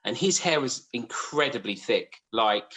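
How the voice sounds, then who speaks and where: A man's voice: medium pitch, animated, unhurried, pushed and bright, husky, poor audio. A man co-hosting a casual podcast, telling long, rambling anecdotes. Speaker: podcast co-host. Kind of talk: casual chat.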